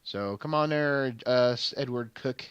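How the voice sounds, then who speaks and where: A man's voice: mid-range voice, measured pace, a bit bright, clean tone, no echo, lo-fi sound. A young adult man hosting a game channel, telling a long stage story in rambling casual commentary, full of fillers and restarts. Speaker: gaming channel host.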